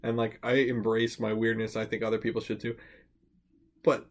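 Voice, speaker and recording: A man's voice: on the low side, completely flat delivery, normal speed. A young man co-hosting a podcast, rambling crudely in casual banter with laughing asides. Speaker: podcast co-host.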